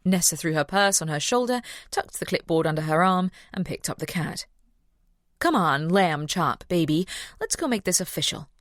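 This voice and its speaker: A woman reading an audiobook as scripted narration, in an even, steady storytelling way, close to the mic. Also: low-pitched, no room sound.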